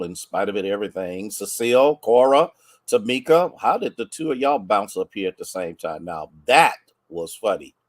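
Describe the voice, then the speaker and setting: An American man, a pastor, chatting warmly with livestream viewers and greeting them by name, a bit congested from sneezing. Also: on the low side, dry recording.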